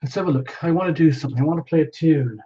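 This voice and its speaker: A man's voice: on the high side, racing, warm tone, husky. Rambling man hosting a tarot live stream. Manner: rambling, earnest, heavy on "like" fillers. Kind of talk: live-stream tarot reading, casual chat. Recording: slightly dull lo-fi audio.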